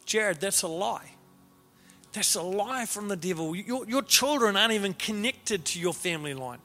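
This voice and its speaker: Bright, high-voiced man preaching in a hall. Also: normal speed. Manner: animated, repeats words at the start of phrases. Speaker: pastor. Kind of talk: sermon storytelling. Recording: reverberant hall with faint music.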